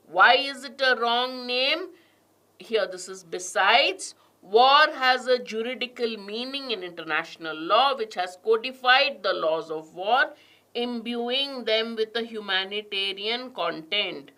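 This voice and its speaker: A woman's voice: a little high, measured pace, pushed and bright. A woman teaching an exam prep class online, reading passages aloud with heavy stress on key words and questioning her students.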